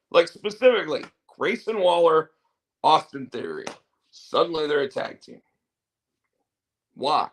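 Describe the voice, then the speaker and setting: Slow-talking man in casual opinionated chat. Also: a little high, sing-song. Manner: opinionated, rambling, frequent "like". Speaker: show host.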